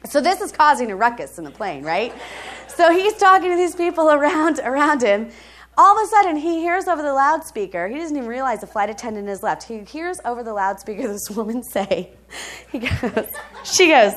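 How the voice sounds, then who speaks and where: A woman preaching, telling a testimony story in an animated way, laughing often and checking in with her listeners. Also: high voice, a little fast, a faint crowd.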